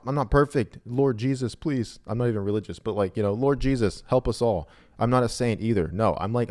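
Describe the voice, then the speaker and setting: A man who runs a trading video channel, talking to camera in a casual, joking, self-mocking way, with big swings between loud and quiet. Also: on the low side. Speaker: trading YouTuber. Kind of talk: casual vlog monologue.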